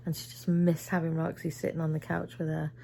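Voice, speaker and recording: Brief: middle-aged woman, weary and chatty, slightly low voice with gravelly fry. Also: monotone, brisk, mellow. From Britain. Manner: chatty storyteller, acts out quoted voices. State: tired. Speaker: vlogger. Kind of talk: casual end-of-day vlog chat.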